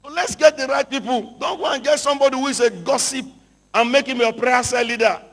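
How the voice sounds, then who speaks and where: Male pastor, high husky voice, sermon in a reverberant hall, storytelling with shouted peaks. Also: a little fast. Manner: storytelling, rising to shouted emphasis. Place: large hall.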